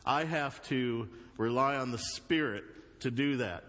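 A male pastor with a Southern US accent, preaching a sermon with loud emphatic bursts and quieter earnest asides. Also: medium pitch, a little slow. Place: church sanctuary. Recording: long hall reverb.

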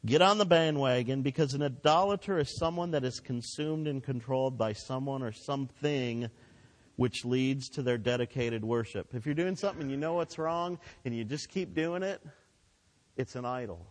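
A man's voice: medium pitch, normal speed. Man preaching in a reverberant church. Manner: emphatic preaching with swelling and dropping delivery, leads call-and-response. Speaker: pastor. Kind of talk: sermon. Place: church sanctuary. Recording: long hall reverb.

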